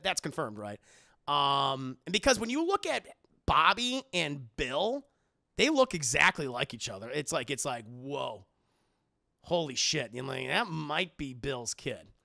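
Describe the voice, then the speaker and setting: A man's voice: on the high side, vocal fry, sharp tone, no echo, studio quality. A young man streaming and chatting casually with his viewers, rambling, laughing often and swearing. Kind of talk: casual chat with live chat.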